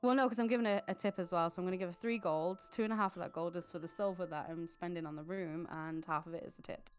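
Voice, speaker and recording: A woman's voice: fairly low pitch, steady tone, soft background music. Female player, chatty and inquisitive, casual table talk. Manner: quick, chatty, asks lots of questions. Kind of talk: casual tabletop game chat.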